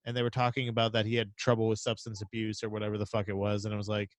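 A man's voice: on the low side, rapid-fire, no room sound. A man co-hosting a podcast, telling rambling, profane stories in casual chat. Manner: rambling, profane, animated storytelling. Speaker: podcast co-host.

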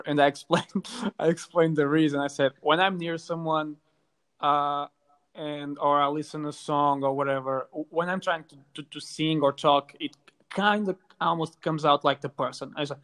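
Hesitant man, a bit higher voice. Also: steady tone, moderate pace, a bit bright. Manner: hesitant, many fillers and restarts, playful. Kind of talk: casual chat.

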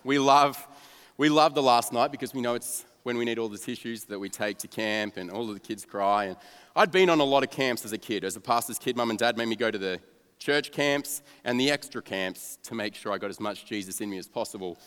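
A young man, a youth pastor, telling a story of his own to an audience in a self-mocking, animated way, dropping to a flat mumble for his cynical asides. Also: medium pitch, brisk, clear, resonant tone. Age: young adult. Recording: long reverb of a large hall.

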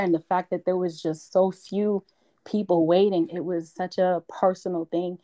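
A woman from Brooklyn, a podcast guest, excitedly retelling a story with emphatic repetitions. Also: on the low side, moderate pace. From Brooklyn, New York. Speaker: interview guest. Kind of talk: casual storytelling.

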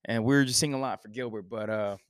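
A man's voice: on the low side, quick pace, no echo, studio quality. A man hosting a casual sports podcast, joking and rambling through banter with his co-host. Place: Texas.

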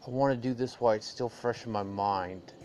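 A man's voice: lowish voice, a little fast, heavy background noise. An American man hosting a casual solo podcast, rambling and digressive with frequent fillers. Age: adult. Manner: rambling, digressive, with many "uh"s and restarts. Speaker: podcast host.

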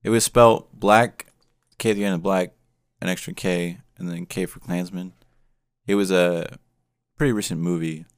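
A man's voice: deep voice, steady tone, normal speed, no room sound, clean studio sound. A man co-hosting a podcast, retelling a story in a rambling, hedging way. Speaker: podcast co-host. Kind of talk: casual chat.

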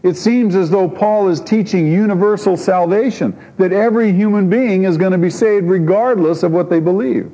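A man's voice: sits high, moderate pace, few pauses, warm tone. A man preaching a sermon in an earnest, emphatic way, asking his listeners rhetorical questions. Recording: muffled recording in a reverberant hall.

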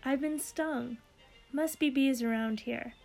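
Woman doing a cocky cartoon duck, loud and high, all worked up. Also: slow pace, creaky, faint music behind, full character voice. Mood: excited. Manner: loud exclamations.

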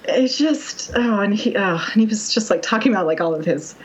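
A woman's voice: medium pitch, animated, fairly quick, rough recording. A young woman chatting casually, telling a dating story in a rambling way, full of fillers and wry quoted asides. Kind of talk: casual chat.

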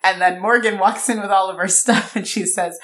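Young woman podcast co-host, chatty recapper who drops her voice for quoted lines. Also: brisk. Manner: animated retelling, quoting characters in lowered voices. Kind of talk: casual recap chat.

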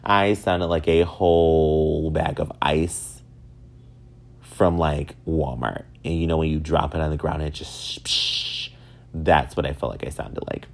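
Guy in his 30s, really low voice, jokey storytelling, jumps way up high when he quotes people. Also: a little slow, creaky. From upstate New York. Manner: animated, self-mocking, swings up high for acted quotes. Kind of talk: casual storytelling monologue.

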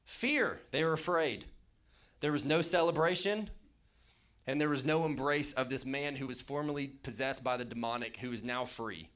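A man preaching a casual sermon, talking in an animated way with lots of fillers. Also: mid-range voice, normal speed. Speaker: youth pastor. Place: church hall with an audience.

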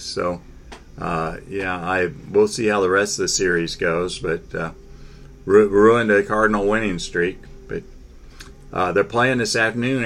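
Deep-voiced man in halting sports chat. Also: a bit bright, a little hiss or hum. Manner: halting, many fillers and restarts. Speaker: sports talk host.

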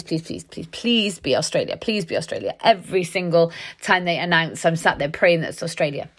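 Earnest woman, low voice. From Wales. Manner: earnest, conversational, many fillers. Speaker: podcast host. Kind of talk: motivational monologue.

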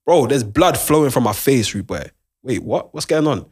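A man's voice: mid-range voice, moderate pace, slightly rough. A young man, animatedly telling a long story in casual chat and using lots of slang. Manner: animated, repeats "do you understand", London slang.

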